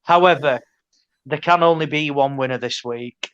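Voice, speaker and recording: A man's voice: medium pitch, moderate pace, fairly bright tone, clear, resonant tone, lo-fi sound. A man telling stories in casual podcast banter, hesitant with many fillers. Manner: hesitant, filler-heavy storytelling. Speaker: podcast co-host.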